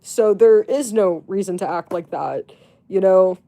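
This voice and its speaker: A woman's voice: medium pitch, unhurried, mellow. A woman livestreamer telling a gossipy story in casual chat, blunt and rambling, swearing freely and laughing often.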